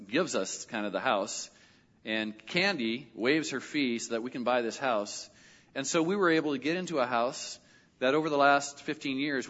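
A middle-aged male pastor telling a personal story in a sermon, animated and lively when he quotes other people. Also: medium pitch. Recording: dull audio with long hall reverb.

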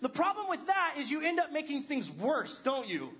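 A man's voice: very high voice, wildly swooping pitch, moderate pace, fairly bright tone, lo-fi sound. A man in his thirties preaching a sermon, telling a funny home-repair story with self-deprecating humor. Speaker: pastor.

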